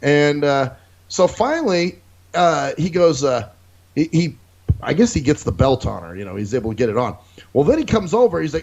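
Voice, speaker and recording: A man's voice: fairly high pitch, very animated, normal speed, vocal fry, a little mellow. A man co-hosting a casual podcast, telling a profane story and acting out other people's lines. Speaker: podcast co-host. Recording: dull lo-fi recording.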